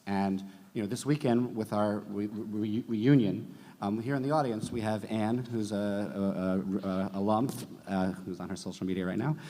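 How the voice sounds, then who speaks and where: Low, dark-voiced male rabbi on a panel. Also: fairly even intonation. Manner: halting, with many fillers and restarts. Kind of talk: panel discussion talk. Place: large conference hall. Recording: long hall reverb.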